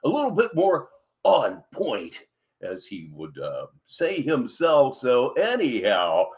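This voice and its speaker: A man's voice: medium pitch, wildly swooping pitch, slow. A man hosting a livestream, commenting with a wry, sarcastic delivery at a desk microphone. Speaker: host.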